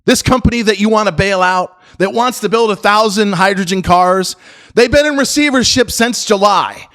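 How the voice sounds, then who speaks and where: Profane, high-voiced man ranting about stocks. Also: normal speed. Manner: profane, combative, swings between loud jabs and low muttered asides. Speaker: stock market commentator. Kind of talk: ranting market commentary video.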